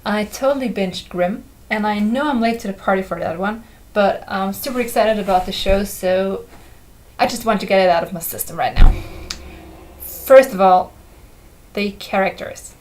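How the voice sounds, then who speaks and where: A bubbly young woman from Austria, a native German speaker, rambles enthusiastically in a casual review vlog. She talks in a chatty, excitable way at a middle pitch for a woman. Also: rough recording. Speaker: vlogger.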